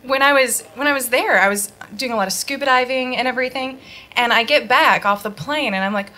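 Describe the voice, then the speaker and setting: A stand-up comedian from Detroit, USA, does a casual, rambling set on a handheld mic in a bar, laughing at her own jokes. Her voice is high, brisk, and sharp, and live club audience noise and laughter surround her.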